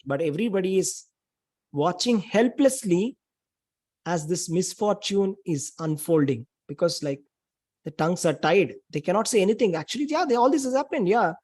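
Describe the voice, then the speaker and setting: Husky-voiced man telling a sacred story. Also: sits high, expressive, moderate pace, a little mellow. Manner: emphatic, dramatic storytelling with heavy repetition. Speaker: spiritual speaker. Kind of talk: sermon retelling a scripture story.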